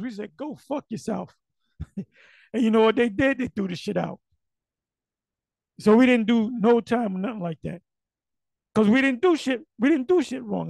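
A middle-aged man telling blunt, profane stories in a casual monologue, his voice going hoarse. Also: sits high, a little mellow, no echo, poor audio. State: losing his voice.

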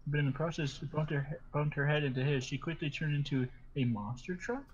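A man's voice: a little high, fairly quick, muffled recording, slight background noise. A man hosting a podcast, reading silly stories aloud to friends and often breaking into laughter as he stumbles through them. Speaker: podcast host.

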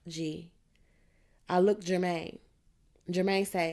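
A woman reading a first-person audiobook, narrating in a steady street-dialect teen voice. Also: fairly low pitch, takes it slowly, long pauses.

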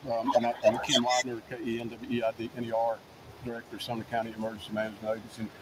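A man, an emergency management director, giving a steady press briefing outdoors, listing resources with frequent restarts. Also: medium pitch, very fast. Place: outdoors at a search site. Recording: outdoor briefing with loud background noise.

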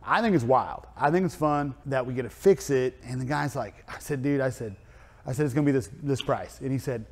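With a mid-range voice and brisk pace, a car wrap and tint shop owner rambles through a story for his casual vlog. The sound is big-room, and his chatter is thick with fillers.

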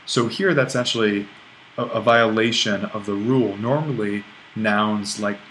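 A man's voice: fairly low pitch, unhurried, a bit bright, a little hiss or hum, low-quality recording. A man teaching a recorded online language lesson, explaining at an easy pace with restarts and small self-corrections. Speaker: Greek language instructor.

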